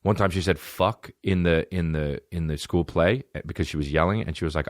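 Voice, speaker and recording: A man's voice: sits low, a little fast, hardly any pauses, no room sound, clean studio sound. A man in his thirties hosting a comedy podcast, ranting in a casual, profane way and mimicking people in mocking voices. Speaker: podcast host.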